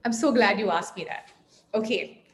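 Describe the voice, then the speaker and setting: A woman guest speaker giving parenting advice in an earnest, emphatic, expressive way over a video call. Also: medium pitch, normal speed, vocal fry. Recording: echoey room, faint noise.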